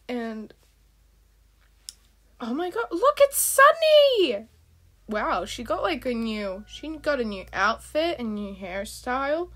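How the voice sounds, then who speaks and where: A woman hosting her channel, chatting excitably while reacting to a game video and bursting into shrieks. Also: a little high, breathy edge. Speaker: channel host.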